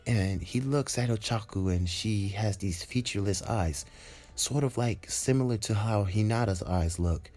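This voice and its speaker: A man's voice: lowish voice, normal speed, a little mellow. A man narrating a homemade fan story in a casual, rambling way, with many fillers and restarts.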